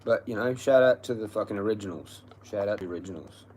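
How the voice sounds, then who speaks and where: A man's voice: fairly low pitch, fast talker, darkish tone, breathy edge. A man ranting angrily and profanely on a livestream, repeating himself. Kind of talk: angry livestream rant.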